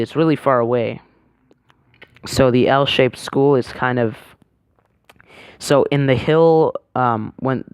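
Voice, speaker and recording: A man's voice: medium pitch, smooth, no echo, clean studio sound. A man casually telling a vlog story, rambling and hesitant, full of fillers and self-corrections. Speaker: vlogger.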